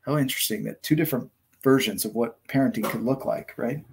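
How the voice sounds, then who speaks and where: Man giving a chill motivational talk, kinda husky voice, repeats the main lines. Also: mid-range voice, fairly quick. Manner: calm, reflective, repeats key phrases. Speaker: motivational speaker and storyteller. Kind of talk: motivational talk with told story.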